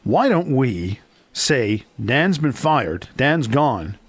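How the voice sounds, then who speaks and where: A man's voice: medium pitch, big pitch swings, very slow, dry recording. A man, telling a story on the radio in a confessional way and laughing often. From Ohio, USA. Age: 40s. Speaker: radio host. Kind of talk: on-air radio chat. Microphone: studio microphone.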